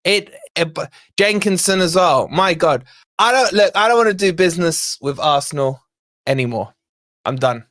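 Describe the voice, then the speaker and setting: A young man hosting a football watch-along stream, talking in a fairly high voice. He rants and grumbles in exasperation while answering his chat. The sound is dry and close, with no room around it. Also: animated, normal speed, a bit bright, no echo. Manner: ranting, exasperated, reacting to live chat. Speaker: fan channel host.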